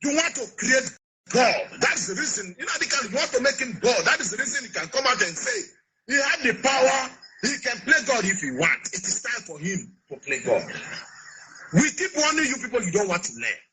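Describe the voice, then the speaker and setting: A man delivers a scolding, sarcastic political rant and hammers the same points again and again. His voice sits high and sounds sharp and very husky. His pitch swings widely as he lectures. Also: big pitch swings, fairly quick, rough recording. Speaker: political commentator. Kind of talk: ranting political vlog.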